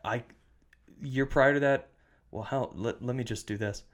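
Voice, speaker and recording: A man's voice: medium pitch, measured pace. Podcast co-host, male, casual chat, steers the talk and reads off numbers. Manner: leads the segments, reads out stats.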